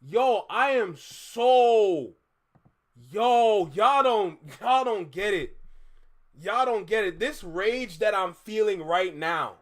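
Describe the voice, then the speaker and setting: A man with a very high voice rants to his live-stream audience in an unhurried, drawn-out way. He sounds fed up and exasperated, repeating the same complaints again and again, and his frustration keeps breaking into laughter. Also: animated. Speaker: live-stream reaction host. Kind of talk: casual live-stream rant.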